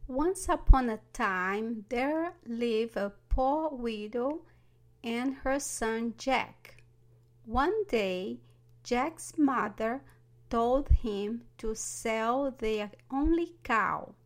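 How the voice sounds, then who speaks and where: Slow, deliberate woman reading a fairy tale. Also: on the high side. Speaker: narrator. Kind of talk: storybook narration.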